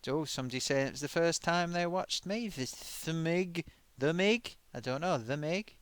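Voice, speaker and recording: A man's voice: fairly high pitch, moderate pace, a bit bright, clear, resonant tone, no room sound, close to an everyday voice. A man voicing a cheeky male sock puppet host, reading viewer comments in a chatty way full of oofs and sighs. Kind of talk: live-stream chat.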